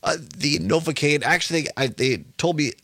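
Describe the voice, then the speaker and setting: Man, radio host, numb mouth, slow careful speech, dry studio sound. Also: a little high, lively intonation, fairly bright tone, no room sound. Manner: slow, careful, self-deprecating. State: mouth numb from dental anesthetic. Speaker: radio talk show host. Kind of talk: live radio talk. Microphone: studio microphone.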